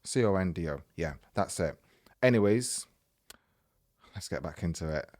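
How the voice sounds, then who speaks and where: A young man with a fairly low voice reads a listener's story aloud, casual and chatty, stopping again and again to react and wander off topic. The sound is dry and close, with no room around it. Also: animated, normal speed, darkish tone, no room sound. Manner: chatty and digressive, reads aloud then breaks off to comment. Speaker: podcast host reading a listener story.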